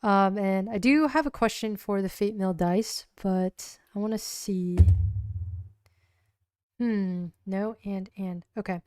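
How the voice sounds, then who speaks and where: Woman livestreaming her solo ttrpg, slow rambly narration, very clean voice, dry sound. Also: medium pitch, a little mellow, smooth, dry recording. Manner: rambling, full of likes and ums, giggly. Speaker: solo tabletop player and streamer. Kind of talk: casual livestream game narration.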